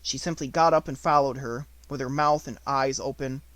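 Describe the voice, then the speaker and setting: A man with a medium-pitched voice narrates an unabridged novel as an audiobook, telling the story expressively at a moderate pace with no echo.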